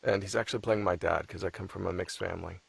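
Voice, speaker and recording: Gravelly husky guy, laid-back storyteller, swears a lot, dry sound. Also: sits low, fairly even intonation, quick pace, no echo. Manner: laid-back, swears freely, laughs while telling stories. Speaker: audiobook narrator. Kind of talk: casual chat.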